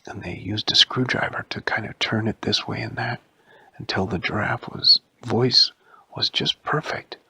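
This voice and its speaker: Man, bedtime story, whispered, breathy, gravelly, dry close sound. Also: lowish voice, fairly even intonation, no echo. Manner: slow, hushed, often whispered.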